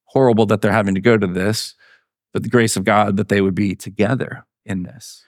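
A man's voice: lowish voice, steady tone, a little fast, no room sound, clean studio sound. A male pastor giving a sermon in an earnest, conversational way.

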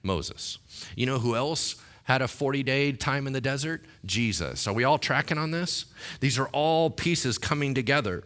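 This preacher's voice is expressive and moderately paced. He talks to the congregation in an easygoing way, quizzing them and acting out voices from the text, then swells into loud, high-pitched exhortation.

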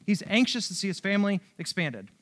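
A young man with a high voice gives a casual Bible teaching. He talks the way he would with friends, slangy and loose, and keeps checking in with "right?" as he goes. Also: very animated, fairly quick, fairly bright tone. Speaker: preacher.

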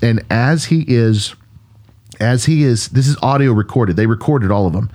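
A man's voice: mid-range voice, normal speed, dark tone. A man, a pastor co-hosting a podcast, retelling a Bible story in an earnest, musing conversational way, with frequent restarts.

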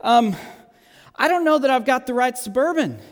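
A man's voice: very high-pitched, lively intonation, moderate pace. A preacher voicing a bewildered male friend who speaks hesitantly and sounds puzzled. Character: bewildered, unsure adult man friend. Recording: long hall reverb.

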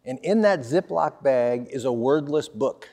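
A man in his fifties, a pastor, telling a personal story in a sermon with lively swings of energy. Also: mid-range voice, unhurried, in a large hall.

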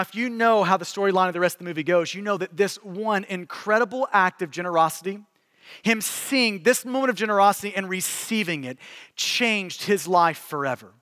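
A man's voice: sits high, fairly bright tone, dry recording, long reverb tail. A male pastor preaching a sermon, telling a story earnestly and building to solemn appeals. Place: church sanctuary.

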